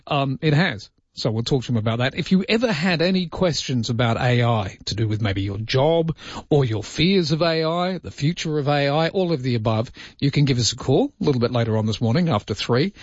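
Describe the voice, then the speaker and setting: A man's voice: medium pitch, slightly rough, no room sound, highs cut off. A man hosting talk radio, wry and rambling with jokey asides. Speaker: radio host.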